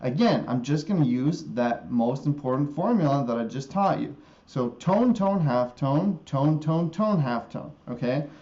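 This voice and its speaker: A man teaching guitar music theory in a live stream, slowly repeating a scale formula and often checking in with an "okay?". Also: a little high, expressive, mellow, lo-fi sound. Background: guitar playing.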